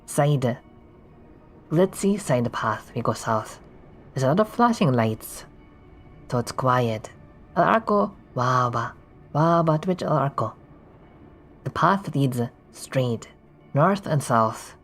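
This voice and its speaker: A streamer casually narrating a text adventure game, reading the descriptions aloud with quick offhand asides. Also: medium pitch, expressive, fairly bright tone, soft background music.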